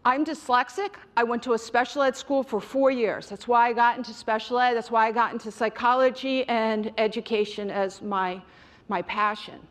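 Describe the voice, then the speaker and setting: A woman's voice: a little high, steady tone, normal speed. A middle-aged woman giving a direct, emphatic motivational talk on mindfulness to an audience she calls you guys. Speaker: mindfulness speaker.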